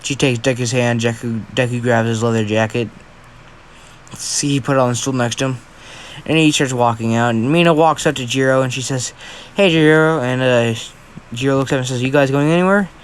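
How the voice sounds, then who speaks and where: Tired young guy improvising a story; rambling, apologetic, mid-pitched, faint hum behind. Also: steady tone, fairly quick.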